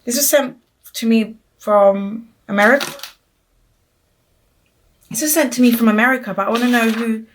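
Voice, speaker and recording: A woman's voice: a little high, fairly even intonation, normal speed, long pauses, slight background noise. A young woman in her twenties chatting casually through a book unboxing vlog, trailing off with frequent ums and restarting her sentences. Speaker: book vlogger. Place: at home.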